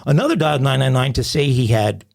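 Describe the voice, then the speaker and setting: A man's voice: mid-range voice, animated, quick pace, gravelly, a little mellow. A middle-aged man co-hosting a crime-news podcast, recounting a story with wry jokes. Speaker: podcast co-host.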